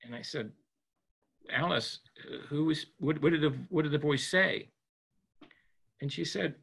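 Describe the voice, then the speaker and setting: A man as a psychologist guest in an interview, telling a story in a gentle, reflective way with frequent restarts. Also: on the high side, expressive, measured pace, creaky, long pauses, slightly rough.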